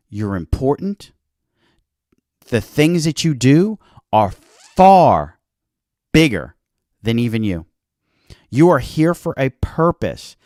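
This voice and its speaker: A man's voice: mid-range voice, no room sound, clean studio sound. A man hosting a health talk show, giving an earnest motivational talk and acting out little quoted exchanges.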